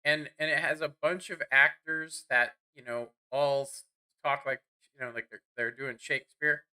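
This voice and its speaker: A man's voice: a little high, fairly even intonation, moderate pace, sharp tone, clean tone. A man giving rambling, self-deprecating commentary while playing a game. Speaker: gaming streamer. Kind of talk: casual gameplay commentary.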